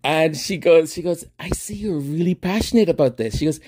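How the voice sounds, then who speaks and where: A man's voice: fairly high pitch, fairly quick, slight background noise. A man hosting his own podcast, telling a story in a casual monologue, laughing often and acting out both sides of a conversation. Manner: animated, laughing, acts out both sides of a dialogue. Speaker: podcast host.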